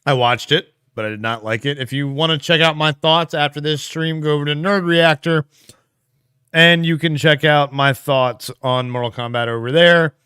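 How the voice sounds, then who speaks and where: A man's voice: on the high side, normal speed, clear, resonant tone, no echo, studio quality. A man co-hosting a casual livestream, chatting and thinking aloud while he answers viewers' comments. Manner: relaxed, musing aloud with fillers and laughs. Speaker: livestream co-host.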